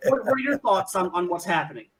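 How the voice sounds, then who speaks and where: A man's voice: sits high, lively intonation. A man running a tabletop game as game master, restarting his sentences often. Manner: restarts often, rapid asides.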